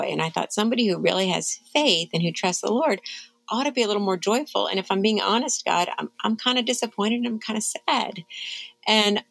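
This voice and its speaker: A woman's voice: medium pitch, vocal fry, a bit bright, no room sound, poor audio. A middle-aged woman, an author, answering an interview question candidly, earnest and reflective and moved to emotion. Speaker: author and guest.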